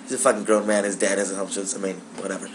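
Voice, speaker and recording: Animated, profane young male storyteller. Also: sits low, very fast, slight background noise. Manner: animated, profane, acts out dialogue. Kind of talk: casual personal storytelling to camera.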